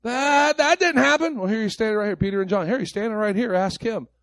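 A man's voice: high-pitched, fast talker, a bit bright, no room sound. A man preaching a sermon to his church congregation, emphatic and impassioned, firing off rhetorical questions. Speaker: pastor. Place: church service before a congregation.

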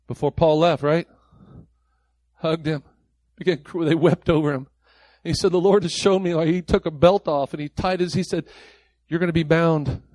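A man's voice: fairly high pitch, darkish tone, no echo. A man preaching a sermon as pastor, mimicking the people he quotes in mocking voices.

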